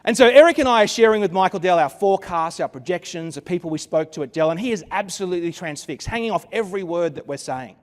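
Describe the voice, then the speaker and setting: A high, expressive male voice races along with hardly any pauses, trailed by a long reverb tail. At a conference venue, the keynote speaker dramatizes a story through a stage microphone, adding wry remarks as he goes.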